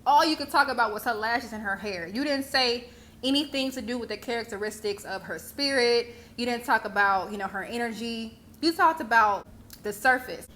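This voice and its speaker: A woman's voice: on the high side, fairly bright tone, slight background noise. A young woman giving blunt, profane commentary in a casual, sassy way. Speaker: vlogger commentator.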